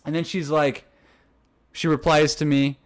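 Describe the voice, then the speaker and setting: Young guy rambling through a story, kinda high voice, laughs a lot. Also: level tone, measured pace. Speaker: podcast co-host. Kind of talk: casual chat.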